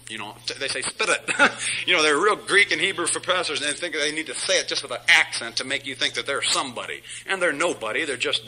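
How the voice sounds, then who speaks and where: A man's voice: a little high, sharp tone, slight background noise, poor audio. A middle-aged man preaching an emphatic Bible study sermon as pastor, chuckling at his own jabs.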